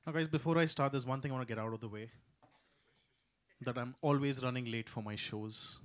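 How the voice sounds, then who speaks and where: A man's voice: mid-range voice, fairly quick, a little hiss or hum. A man with a Mumbai Indian English accent performing a stand-up set in an easy, conversational manner. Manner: conversational, slips into Hindi quotes. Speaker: stand-up comedian. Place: comedy club stage.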